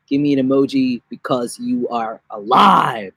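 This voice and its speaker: A young man from New York rambles through a casual backyard live stream, cracking jokes and popping into goofy falsetto bits. His voice sits at an ordinary middle pitch. The sound is close and dry, with almost no room in it. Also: measured pace, vocal fry, a bit bright, breathy edge, no room sound. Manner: jokey, rambling, slips into silly high-pitched voices. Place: outdoors in a backyard.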